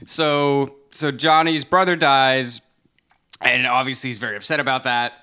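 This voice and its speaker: A man's voice: mid-range voice, steady tone, normal speed, pushed and bright, clean tone. A man co-hosting a podcast, telling history in a loose, chatty way, swearing now and then and laughing often. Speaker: podcast co-host. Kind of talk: casual history chat.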